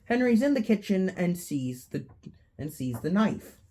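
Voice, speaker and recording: A woman's voice: fairly low pitch, big pitch swings, measured pace, mellow. A woman casually narrating a fan story in a loose way, with fillers.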